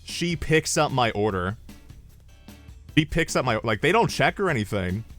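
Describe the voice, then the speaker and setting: A young man tells stories on a livestream, animated and profane, wandering into side tangents. His pitch sits in a middling range, with faint music behind him. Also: normal speed. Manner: animated, profane, rambling asides. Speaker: streamer. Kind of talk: casual storytelling on a livestream.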